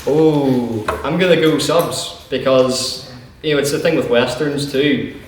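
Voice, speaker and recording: The noisy, echoey recording, made from far off in a big lecture hall with an audience, captures a young man presiding over a student debating society. He speaks a little slowly in a mid-range voice, answering questions with jokey, self-deprecating puns.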